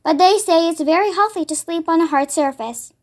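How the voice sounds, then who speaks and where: A woman voicing a gentle, kind young woman teacher in a storybook, soft-spoken. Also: very high voice, brisk. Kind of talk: read-aloud storybook acting.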